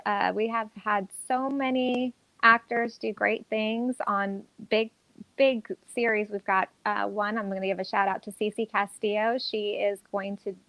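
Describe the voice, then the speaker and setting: A woman's voice: mid-range voice, fairly bright tone, no echo, rough recording. Enthusiastic woman, dry close sound. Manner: upbeat, enthusiastic, rambling with fillers. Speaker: actress and acting teacher. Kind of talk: casual interview chat.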